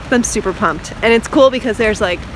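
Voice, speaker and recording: A woman vlogging outdoors at night in pouring rain, telling an excited, emotional story and getting choked up. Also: on the high side, a little fast. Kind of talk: casual vlog monologue. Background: rain and passing traffic.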